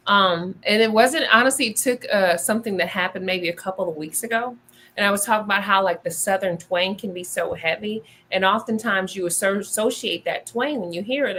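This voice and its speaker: A woman's voice: medium pitch, slight background noise, rough recording. A middle-aged woman co-hosting a casual talk show, telling stories and acting out what people said. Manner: animated storyteller, acts out quoted voices. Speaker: podcast co-host. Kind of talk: casual discussion.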